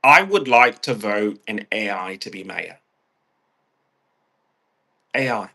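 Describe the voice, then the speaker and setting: A man's voice: on the low side, animated, takes it slowly, gravelly, bright, forceful tone. A man with a stuffed-up nose, rambling and ranting in a casual vlog, swearing freely and restarting his phrases. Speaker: vlogger.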